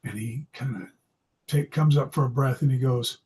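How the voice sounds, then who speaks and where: A man's voice: medium pitch, normal speed, warm tone. A man from Idaho telling a personal story from his school days in a casual, self-deprecating way. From Idaho, USA. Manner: anecdotal, self-deprecating humor. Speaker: storyteller, psychology video host.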